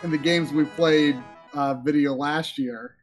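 A man's voice: a little high, fairly even intonation, measured pace, soft background music. Stammering man with faded Southern accent. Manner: stammering, repeats words, laughs often. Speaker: co-host. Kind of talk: casual stream chat.

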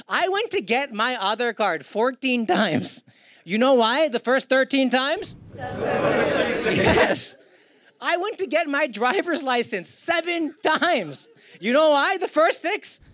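A man from India doing a stand-up comedy set, animated and acting out the people in his stories. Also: extremely high pitch. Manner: animated, acts out callers in quick voices. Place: comedy club with live audience. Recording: live club audience laughing.

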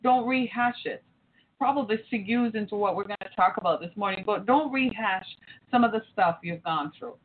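Woman host in her forties, lively storyteller who acts out voices, heard down a thin phone-like line. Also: mid-range voice, moderate pace. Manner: animated, acts out quoted voices. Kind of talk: storytelling to an audience. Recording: tinny phone-like line with faint noise.

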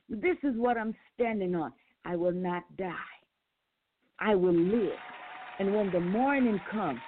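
A woman preaching a sermon, building emphatic repeated refrains. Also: a little high. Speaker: preacher and author. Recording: phone-line sound with faint music.

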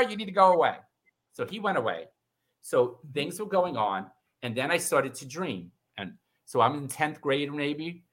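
A middle-aged man telling a personal story in casual conversation, animated and acting out the voices of the people in it. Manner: animated, acts out quoted voices with big pitch jumps. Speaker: guest.

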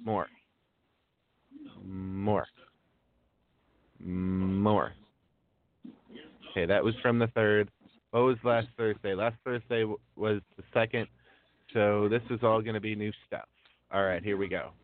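This wrestling news podcast host has a lowish voice with a steady tone and a moderate pace. In casual talk-show chat, he takes his time reading long lists of names, dropping lots of ums, all over tinny phone-line audio.

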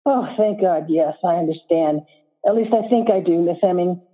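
A man's voice: high voice, moderate pace. A woman reading aloud as a hesitant, stammering man in his forties, over a tinny phone-like line. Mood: nervous.

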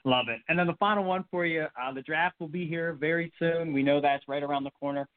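Fast-talking male sports podcast host. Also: on the high side, steady tone. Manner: upbeat, rambling with repeated words. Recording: phone-line audio.

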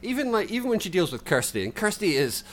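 A man with a Scottish accent chatting casually on a podcast, self-deprecating and quick to laugh, with lots of restarts. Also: high-pitched, sing-song, a bit bright, slight background noise. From Scotland. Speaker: podcast co-host.

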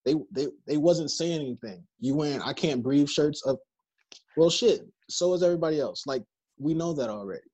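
A man's voice: on the high side, animated, fairly quick, a little mellow. A man co-hosting a podcast, stating blunt opinions in casual chat. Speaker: podcast co-host.

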